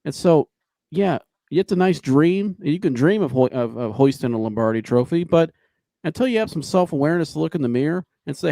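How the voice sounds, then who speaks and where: A gravelly man hosts a live sports podcast, ranting bluntly and swearing freely. His voice is recorded close and dry, with no room sound. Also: a little high, very animated, fairly quick, warm tone, dry recording. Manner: blunt, heated, profane. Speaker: podcast host.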